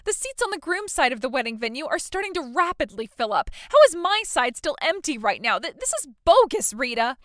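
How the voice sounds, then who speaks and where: A woman's voice: high-pitched, very animated, brisk, hardly any pauses, fairly bright tone, no echo, clean studio sound. A woman voicing a self-absorbed young bride who talks in a whiny, stammering, demanding way, in a dramatized text-message story.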